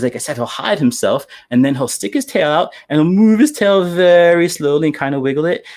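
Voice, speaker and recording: A man's voice: medium pitch, darkish tone. A man presenting zoo animals in a live educational show, talking in a chatty, enthusiastic way with fillers and laughs.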